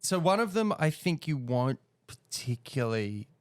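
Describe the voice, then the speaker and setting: A man's voice: mid-range voice, sing-song, normal speed. A man co-hosting a cartoonists' podcast, chatting casually with lots of agreeing and restarts. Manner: chatty, frequent yeahs and restarts. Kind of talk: casual chat.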